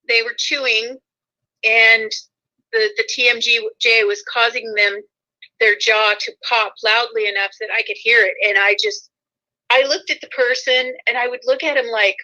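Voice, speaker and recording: Bright, giggly woman guest. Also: fairly high pitch, fairly even intonation, a little slow, poor audio. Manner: warm-hearted, giggly, earnest. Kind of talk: casual chat.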